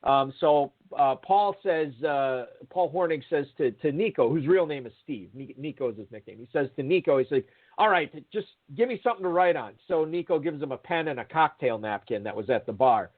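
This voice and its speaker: A man's voice: medium pitch, a little fast, few pauses. A man telling a long, rambling anecdote in casual chat, full of fillers and restarts. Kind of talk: casual anecdote over a call. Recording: tinny phone-line audio.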